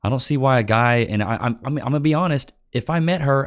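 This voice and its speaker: A man's voice: mid-range voice, quick pace. A man hosting a reaction commentary, sarcastic and mocking, calling his viewers "chat" and "bro.". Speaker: host reacting to clips.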